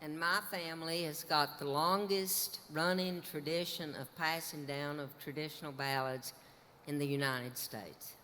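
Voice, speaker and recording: Middle-aged woman, bright clear tone, deadpan stage chat, long hall reverb. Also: sits low, unhurried, hardly any pauses, slight background noise. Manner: dry, deadpan remarks. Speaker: folk singer, ballad tradition bearer.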